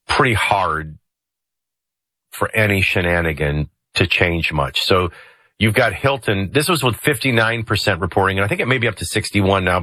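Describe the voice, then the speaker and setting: A male talk radio host with a low, bright, forceful voice and a slightly husky edge. He gives political commentary in a jokey, conversational way and often restarts his sentences. The studio sound is close and dry. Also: no echo.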